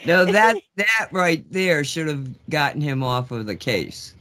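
A man's voice: on the high side, very animated, measured pace, bright, forceful tone. A man co-hosting a casual talk show, indignant and rambling. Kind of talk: casual political chat.

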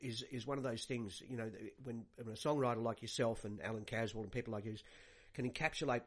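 A man's voice: medium pitch, fairly even intonation, fast talker, natural voice. A man playing a rambling Aussie radio host. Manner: rambling, repeats words, many fillers. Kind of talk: comic radio banter.

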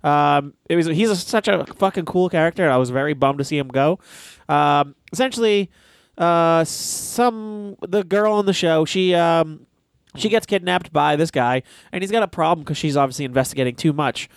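A podcast co-host with a gravelly, slightly raised voice rambles through a story. He swears often and leans on fillers. The recording is dry. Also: on the high side, normal speed, no room sound. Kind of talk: casual chat.

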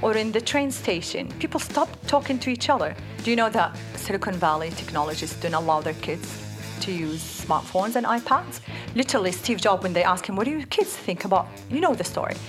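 A woman from Saudi Arabia with an Arabic accent, co-hosting a live podcast and telling stories in a lively, animated way. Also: mid-range voice, a little fast, over music. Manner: lively, laughs often, animated storytelling. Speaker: podcast co-host. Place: stage before a live audience.

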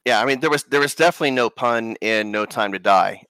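A man sits in as a podcast guest, speaking at an ordinary pitch. He stays easygoing and a bit halting, leaning on little fillers. The recording is dry and close. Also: bright, forceful tone, smooth, no room sound. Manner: easygoing, hesitant, fills with "you know". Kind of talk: casual chat.

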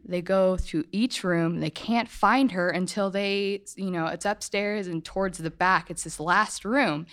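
A woman with a somewhat low voice tells a ghost story to a live audience. She meanders and corrects herself as she goes, in a casual, chatty way. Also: a little slow, hardly any pauses, fairly bright tone. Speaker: storyteller at a live podcast show. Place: hotel event room, live show.

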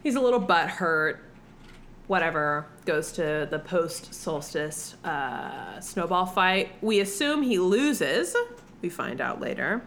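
Brief: woman, bright, profane casual chatter, faint hiss. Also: lowish voice, slow pace. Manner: profane, animated storytelling. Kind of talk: casual chat.

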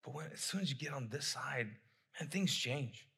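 Man, middle-aged pastor, sermon, husky tone, repeats himself, asks questions. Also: medium pitch, expressive, normal speed, bright, forceful tone. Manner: conversational, repeats phrases, asks the congregation questions.

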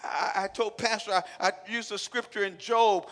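High-pitched preacher booming in a hall. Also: male voice, fairly even intonation, moderate pace, few pauses. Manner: swings from quiet asides to shouted exhortation; acts out quotes with repetition and filler sounds. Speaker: pastor. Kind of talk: sermon. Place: church sanctuary. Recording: long hall reverb from a large church.

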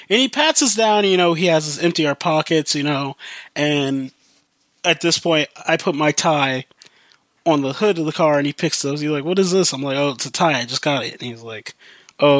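A man's voice: on the high side, fairly bright tone, dry recording. Rambling young man telling a story. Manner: rambling, heavy use of fillers like "like" and "you know". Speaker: podcast host. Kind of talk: casual storytelling monologue.

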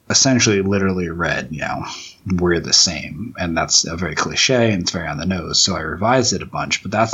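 A man's voice: low-pitched, fairly bright tone, slightly rough, muffled recording. A man who writes comics, talking through his own book on a casual commentary track, rambling and often restarting his sentences. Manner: rambling, halting, many restarts and fillers.

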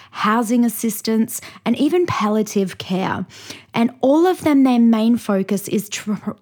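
An Australian woman pastor delivers a scripted teaching talk with plenty of energy. She reads long lists aloud and leans on key words with emphatic pauses. Her pitch sits in an ordinary middle range for a woman. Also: a little mellow. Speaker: pastor and host.

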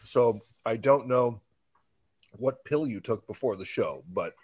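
A man's voice: mid-range voice, lively intonation, a little slow, darkish tone, breathy edge. A married man co-hosting a podcast, talking in an emphatic, sarcastic way in casual chat. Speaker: podcast co-host.

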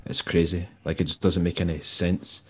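A Scottish man, a musician and tour manager, telling stories in a relaxed, rambling way and acting out the people he quotes. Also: low-pitched, moderate pace, slightly rough. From Scotland. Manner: rambling, laid-back, acts out quoted dialogue. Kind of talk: casual storytelling interview.

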